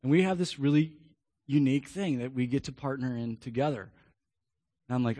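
A man's voice: medium pitch, lively intonation, fast, a little mellow, husky, long reverb tail. A man in his thirties, a pastor, telling a personal story in an earnest sermon and repeating key phrases.

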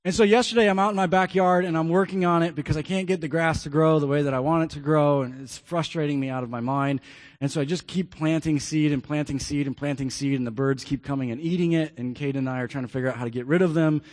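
A man's voice: on the high side, fairly even intonation, fast, big-room sound. Earnest man preaching a story. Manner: storytelling, earnest, repeats key phrases. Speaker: pastor. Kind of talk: sermon with personal story.

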